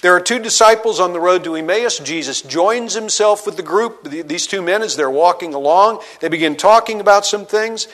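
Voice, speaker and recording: A man preaches with a fairly high voice, moving between reading scripture and casual retelling. He often sinks his voice low and soft to press a point home. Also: lively intonation, moderate pace, hardly any pauses. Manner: expository preaching, reads scripture aloud and paraphrases it conversationally; dynamic delivery, drops low and quiet for emphasis. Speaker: pastor. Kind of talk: sermon.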